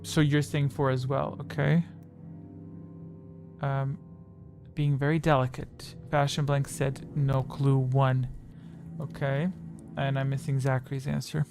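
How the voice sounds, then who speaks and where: A man's voice: medium pitch, little pitch movement, unhurried, gravelly, music in the background. A man hosting a livestream quiz at a home desk microphone, talking in a rambling way, correcting himself and reading out chat answers.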